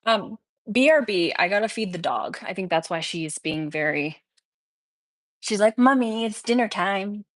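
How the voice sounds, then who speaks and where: A woman's voice: fairly low pitch, expressive, unhurried, no echo, studio quality. A woman chatting casually on a live stream, rambling and laughing often as she talks.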